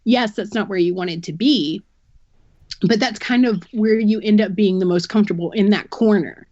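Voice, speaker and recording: A woman's voice: medium pitch, normal speed, darkish tone, no echo, dull audio. A woman guest on a podcast, giving a candid personal account and explaining things earnestly through long analogies.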